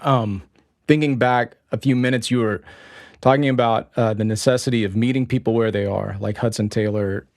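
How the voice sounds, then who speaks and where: Man, podcast host, low gravelly voice, dry close sound, halting questions. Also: steady tone, no room sound. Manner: brief affirmations, halting questions with fillers. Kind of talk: interview host.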